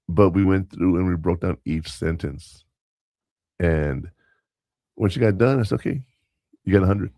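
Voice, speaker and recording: A man's voice: low-pitched, normal speed, pauses often, mellow, no echo, studio quality. A man who works as a substitute teacher, co-hosting a podcast and telling rambling stories with quoted dialogue and self-corrections. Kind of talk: casual storytelling chat.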